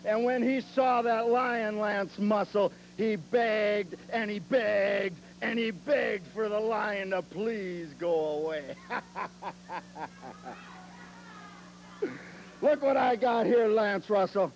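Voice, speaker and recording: A cocky male wrestler drawls through a boastful promo, mocking and teasing. His voice sits high for a man and moves slowly. Old TV tape with hiss and hum underneath. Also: low-quality recording. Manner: cocky, mocking, drawling, laughs at own jokes.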